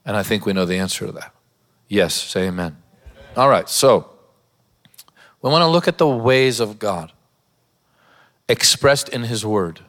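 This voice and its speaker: A pastor with a somewhat low voice delivers a sermon in a church. He moves from earnest scripture talk into a humorous personal story, laughing often as he tells it. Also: expressive, measured pace, pauses often, fairly bright tone.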